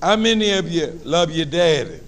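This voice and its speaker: High-voiced New Orleans motivational speaker. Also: male voice, moderate pace. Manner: lively, call-and-response, preacherly humor. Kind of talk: motivational talk to students. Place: high school assembly.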